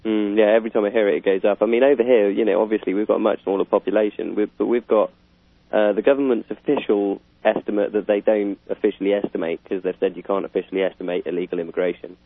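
A man's voice: lowish voice, fairly even intonation, quick pace, no echo. A British man in casual political chat, rambling with fillers and chuckling. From Britain. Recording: tinny phone-like line.

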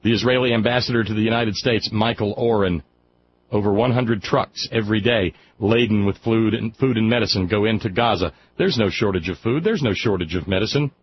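A man's voice: fairly low pitch, fairly quick, slight background noise. A man hosting call-in talk radio, speaking in an impassioned, emphatic way and often restarting his sentences. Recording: dull lo-fi radio broadcast.

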